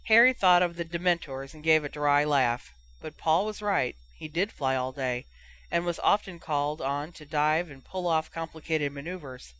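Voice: medium pitch, normal speed, bright, forceful tone, clean tone, poor audio. A narrator reading a chapter of fan fiction aloud, telling the story steadily and giving each character a voice. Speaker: audiobook narrator.

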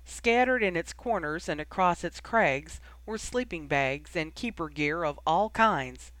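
A man reading a fan fiction story aloud as audiobook narration, with steady storytelling. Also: on the high side, unhurried, no room sound. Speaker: audiobook reader.

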